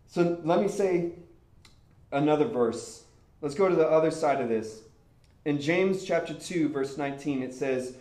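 A young man preaching in a casual storytelling way, animated and laughing as he acts out the people in his story. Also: on the high side, normal speed. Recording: echoey room.

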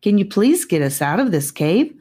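A woman's voice: medium pitch, sing-song, moderate pace, dark tone, husky, pitched above the performer's own voice. A woman voicing a bewildered young girl who asks earnest, pleading questions.

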